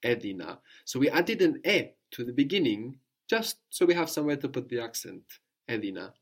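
A man teaching a spoken language lesson, patiently prompting his student and repeating each answer slowly. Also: on the high side, animated.

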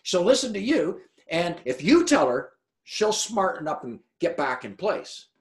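A man's voice: high-pitched, very animated, a little slow, heavily acted. A man voicing a frustrated woman who complains about her sister during a sermon. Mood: pleading. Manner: pleading, complaining. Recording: roomy echo.

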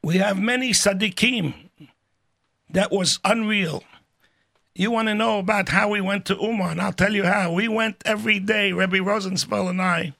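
Older man telling animated stories, gravelly. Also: high-pitched. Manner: animated, acts out voices in his stories. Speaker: storyteller guest. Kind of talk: casual spoken storytelling.

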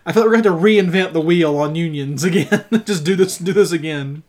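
A man's voice: on the high side, quick pace. A young man co-hosting a casual podcast, chatting about work and games and reading a story aloud with energy. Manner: loud, animated reading of a tense story. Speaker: podcast co-host.

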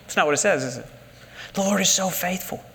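A man preaching a sermon as a pastor, animated and emphatic, asking the listeners rhetorical questions. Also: high-pitched, a little fast, in a large hall.

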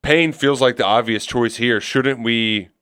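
A man's voice: medium pitch, unhurried, fairly bright tone, clear, resonant tone, no room sound, clean studio sound. Rambling conversational sports talk man. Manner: conversational, rambling with many fillers and restarts.

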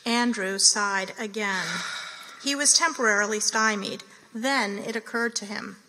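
A woman reading the narration of a play at a steady, measured pace. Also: mid-range voice. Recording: reverberant hall.

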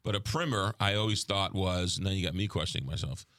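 Low, dry-voiced New York radio host. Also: male voice, fairly bright tone, dry recording. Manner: halting, lots of ums and uhs. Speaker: radio morning show host. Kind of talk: casual on-air chat.

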